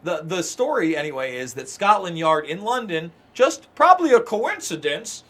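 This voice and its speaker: Brief: fired-up male livestream host, slightly high voice, profane, emphatic. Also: very animated, normal speed, a bit bright. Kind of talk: casual livestream chat.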